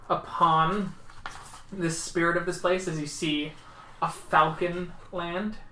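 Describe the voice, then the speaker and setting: A man's voice: fairly high pitch, fairly bright tone. A man working as storyteller, narrating a tabletop game in a casual way with plenty of fillers. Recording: echoey room, faint background noise.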